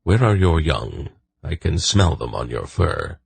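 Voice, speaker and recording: Man doing a gruff old wolf pack leader. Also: a bass voice, huge pitch swings, measured pace, no room sound, full character voice. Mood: commanding. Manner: commanding, dry, decisive.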